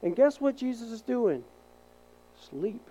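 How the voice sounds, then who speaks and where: A male pastor preaching a sermon, animated and acting out voices in the story, sometimes dropping to a soft hush to make a point. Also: extremely high pitch, slow, rough recording. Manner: animated, acts out quoted voices; drops to a soft hush for emphasis.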